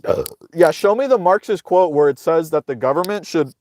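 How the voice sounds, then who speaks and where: A man's voice: fairly high pitch, animated, fairly quick, a little mellow. A man hosting casual political commentary, ranting sarcastically with profanity, rambling and restarting his sentences.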